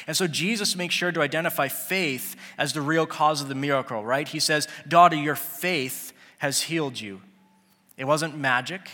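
Guy preaching, kinda high voice, acts out the quotes, big echoey hall. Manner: animated, acts out the people he quotes. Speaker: pastor. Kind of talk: sermon. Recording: long hall reverb.

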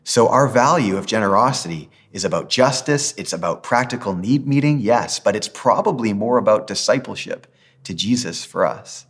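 A man preaching a sermon as pastor, earnest and gentle, ending in a prayer. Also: lowish voice, animated, normal speed, slightly rough.

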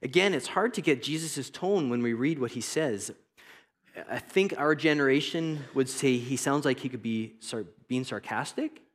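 A man giving a devotional Bible teaching in an earnest, reflective and conversational way. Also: mid-range voice. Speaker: preacher.

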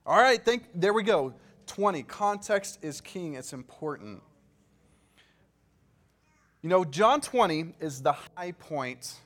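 A man's voice: high voice, lively intonation, slow pace, long pauses, a bit bright. A man leading a Bible study, reading scripture and breaking off for casual, joking asides and questions to the group. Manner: chatty, joking asides, frequent "like"; checks in with the group.

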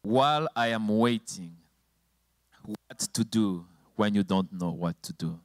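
A man's voice: fairly low pitch, takes it slowly, dry recording. A male preacher telling a personal testimony in a sermon, emotional, his voice rising and falling sharply. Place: church with slides and a helper at the computer.

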